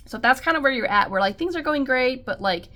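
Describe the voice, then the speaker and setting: A woman's voice: high voice, lively intonation, brisk, sharp tone. A homeschooling mother giving earnest, reassuring encouragement, speaking casually with many likes and ums. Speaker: homeschool mom and channel host. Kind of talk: encouraging talk to camera.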